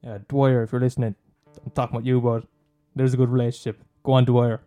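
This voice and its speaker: A man with an Irish accent rambles through a casual podcast monologue, swearing freely and poking fun at his listeners and himself. His voice is very dark and mellow, sitting at an ordinary pitch. Faint guitar music plays behind him. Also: level tone, quick pace. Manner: swearing, laughing, teasing, self-mocking. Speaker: podcast host recommending films.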